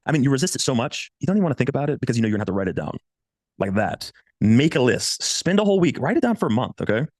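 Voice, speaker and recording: Fast-talking blunt man with a lively voice. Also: no room sound. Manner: blunt, profane, animated, swings pitch for quoted voices. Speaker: dating coach. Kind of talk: casual coaching monologue.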